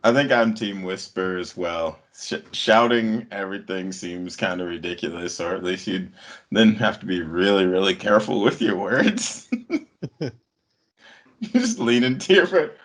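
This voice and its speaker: A man with a lowish voice reads out party questions in a relaxed, easygoing way. He sounds unhurried and friendly. This is a casual group conversation. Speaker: segment host. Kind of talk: casual chat.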